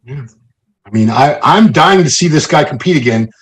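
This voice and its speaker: A man's voice: a little high, lively intonation, normal speed. A man hosting a casual chat, easygoing and conversational. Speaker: host.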